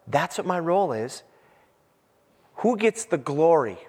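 Man pastor, fairly high voice, lively storytelling sermon, long church reverb. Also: measured pace. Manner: animated, joking, acts out scenes. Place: church sanctuary.

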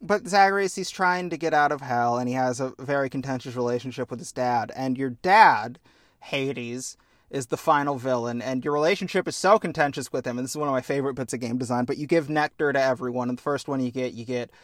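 Enthusiastic and loose, a young podcast host tells stories in casual chat, cursing liberally. He talks fairly quickly at medium pitch, and the studio-quality audio has no room sound.

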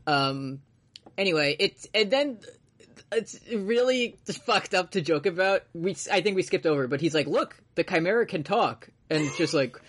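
A mid-pitched voice retells a story on a casual podcast. The delivery is loose and animated, with swearing and laughter mixed in. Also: normal speed. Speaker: podcast co-host. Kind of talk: casual chat recapping an anime.

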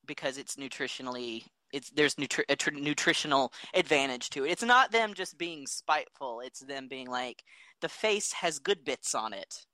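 A man with a bright, forward voice co-hosts a podcast. He explains things earnestly in a casual chat, and the recording is dry and close. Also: on the high side, dry recording, rough recording. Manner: earnest, explanatory, talks through facts. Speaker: podcast co-host.

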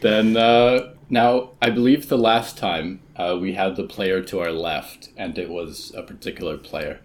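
A man's voice: low voice, measured pace, a little hiss or hum. A man playing a tabletop game, explaining the rules casually. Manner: lively, breaks into laughs.

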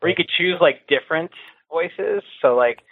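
A man chiming in quickly and with animation during a casual podcast chat. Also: a little high, lively intonation, creaky, slightly rough, no echo. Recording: tinny phone-like line.

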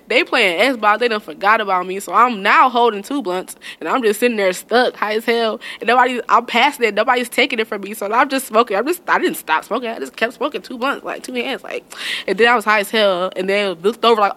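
A young woman, telling funny stories in a loose, profane, animated way and laughing often. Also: a little high, brisk. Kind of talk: casual storytelling chat.

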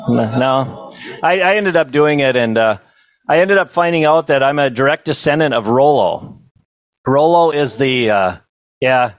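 A middle-aged man telling humorous stories to a banquet audience, with a deadpan comic delivery and chuckles. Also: medium pitch, dry recording. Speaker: storyteller. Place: banquet hall.

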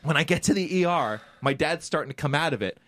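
A man co-hosting a casual podcast, telling a story in a rambling, animated way and acting out the voices of the people in it. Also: fairly high pitch, fast talker, dry recording. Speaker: podcast co-host.

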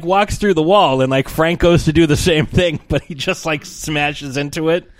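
A man chatting casually about a movie, acting out lines from scenes in quick impressions. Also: on the high side, dry recording.

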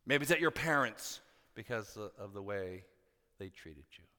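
A male pastor preaching a sermon, animated and acting out quoted voices with big swings between loud and soft. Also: on the low side, normal speed. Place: church hall. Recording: long hall reverb.

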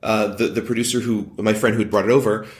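Man, playwright, low voice, rambling with restarts, echoey room. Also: fairly even intonation, fast talker. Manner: rambling, many restarts and false starts. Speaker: playwright and director. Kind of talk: casual interview conversation.

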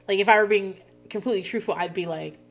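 A woman in her thirties chatting casually as a podcast host, profane and quick to laugh. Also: medium pitch. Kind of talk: casual chat recapping a reality show.

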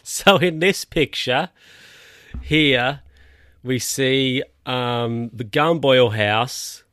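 Man, reading a picture book aloud, amused asides, slow, dry close sound. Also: medium pitch, fairly bright tone, smooth, no echo. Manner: amused, ad-libbing wry comments. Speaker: reader.

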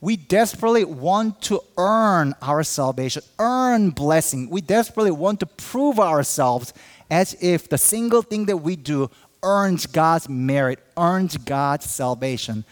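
A man's voice: a little high, animated, unhurried, big-room sound. A man pastor preaching a sermon earnestly, acting out quoted believers with a raised voice.

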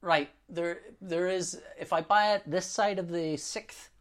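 A woman, co-hosting a casual podcast chat as an animated storyteller who laughs often. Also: fairly low pitch, a little slow. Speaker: podcast co-host.

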